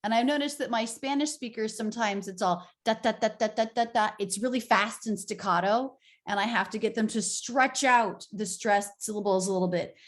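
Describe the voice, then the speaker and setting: A woman coaching English pronunciation, encouraging and demonstrating pitch changes with exaggerated examples. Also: moderate pace, few pauses. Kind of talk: accent coaching session.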